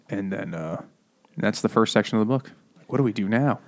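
A fast-talking man with a gravelly, lowish voice co-hosts a laid-back book-club podcast over beers. He retells a plot in a lively way, swearing and cracking jokes as he goes.

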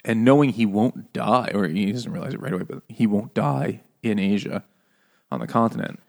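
A man with a somewhat low voice talks loosely about a novel with friends. He laughs a lot, swears freely and jumps into animated quotes of the characters. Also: normal speed, vocal fry. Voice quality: profane, laughing often, animated quoting. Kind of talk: casual book discussion.

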